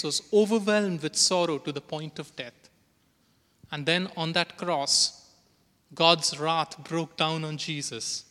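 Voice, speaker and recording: Bright-voiced man preaching in a reverberant hall. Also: on the high side. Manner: earnest, reads scripture aloud with emphasis. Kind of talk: sermon.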